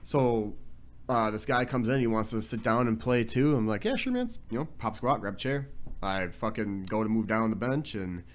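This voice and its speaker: A man's voice: lowish voice, normal speed. A young man co-hosting a casual chat, telling a story in a laid-back way, swearing casually. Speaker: podcast co-host.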